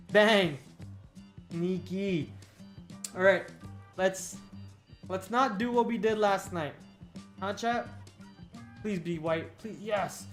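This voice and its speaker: Hyped male livestream host. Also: sits high. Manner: hyped, playful, talking to chat. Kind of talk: casual livestream chat.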